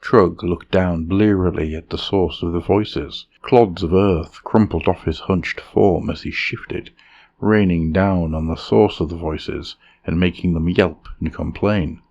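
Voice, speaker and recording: A man narrating a dark fantasy tale in a measured, dramatic way. His voice is deep and gravelly, and the recording sounds a little dull and lo-fi. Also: fairly even intonation. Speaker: storyteller.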